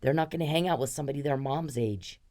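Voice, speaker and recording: A woman's voice: very deep voice, quick pace, darkish tone. A woman in her fifties hosting a podcast, ranting in an angry, profane, accusatory monologue aimed straight at one person. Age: 50s. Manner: angry, profane, accusatory, addressing someone directly. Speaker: podcast host.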